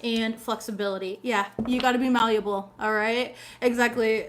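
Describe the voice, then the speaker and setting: A woman's voice: a little high, steady tone, fairly quick, few pauses, fairly bright tone, a little hiss or hum. A woman doing a casual tarot reading in a chatty, blunt and sassy way, swearing freely and laughing often. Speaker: tarot reader.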